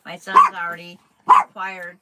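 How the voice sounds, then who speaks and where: A woman's voice: fairly low pitch, completely flat delivery, a little slow, heavy background noise. An older woman hosting a casual quilting chat, chatting and cooing to a toddler in baby talk. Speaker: quilting channel host.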